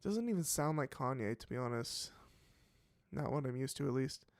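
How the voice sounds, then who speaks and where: Speaking in a mid-range voice at a moderate pace, this animated host of a live reaction show thinks out loud with lots of fillers and restarts. The commentary is casual and hesitant, recorded dry with studio quality.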